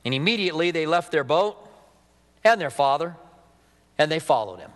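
A man with a high, bright-edged voice preaches a sermon, talking to the congregation like a conversation and asking them questions. His words ring out with a long reverb, as in a big hall. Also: lively intonation, moderate pace. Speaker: pastor.

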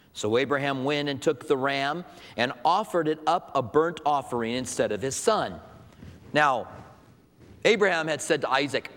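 A man preaching a sermon to his congregation in a conversational style, asking rhetorical questions. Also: mid-range voice. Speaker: pastor. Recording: long hall reverb.

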